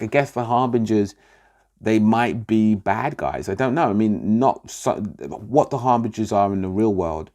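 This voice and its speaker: A middle-aged man works through a comic review in a relaxed, rambling way. His voice sits somewhat low, and he trails off, restarts and fills gaps with "um" as he goes. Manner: rambling, many fillers and restarts.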